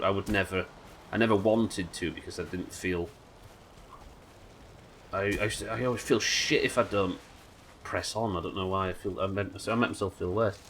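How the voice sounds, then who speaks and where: A man's voice: sits low, fairly bright tone, slight background noise. A man with a Yorkshire accent chatting casually and swearing freely while streaming a game. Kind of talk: casual live-stream chat while gaming.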